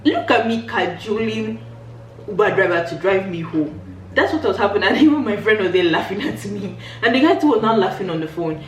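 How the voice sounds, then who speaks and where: A Nigerian woman vlogger tells stories in a casual, animated chat at a brisk pace, acting out quoted dialogue with big jumps in pitch. She's recorded from a distance, so the sound is roomy and off-mic, with faint music and a little hiss or hum.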